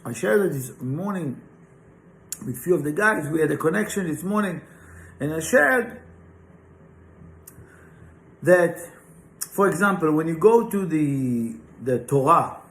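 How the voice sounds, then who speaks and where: A man's voice: on the high side, lively intonation, unhurried, pauses often, fairly bright tone. A man teaching an informal spiritual class, talking emphatically and often checking in with "right?" and rhetorical questions. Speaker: Kabbalah teacher. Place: class room, live and online. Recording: roomy echoey room.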